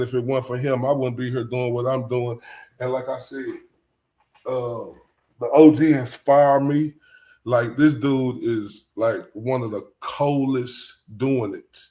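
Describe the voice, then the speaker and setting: A man's voice: mid-range voice, darkish tone. A man hosting a casual livestream, rambling in loose slang and often breaking into laughter. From Texas. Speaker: livestream show host.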